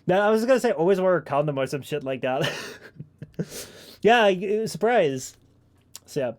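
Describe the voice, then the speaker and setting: A man's voice: high-pitched, animated, moderate pace. A man streaming, chatting casually and rambling with many fillers and restarts. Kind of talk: casual chat.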